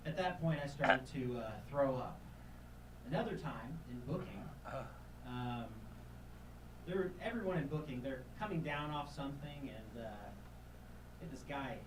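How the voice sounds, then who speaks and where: A man's voice: animated, measured pace, long pauses, roomy sound, far from the mic, noisy background. Off-mic man spinning rambling stories. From Tennessee. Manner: hesitant with many fillers, jumps to loud high voices quoting people. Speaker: podcast guest. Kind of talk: casual storytelling.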